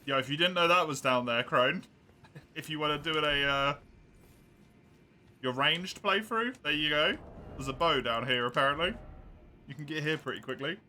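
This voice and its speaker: A man's voice: fairly high pitch, brisk, pushed and bright, a little hiss or hum. A male streamer giving chatty live gameplay commentary, reacting aloud and answering his chat.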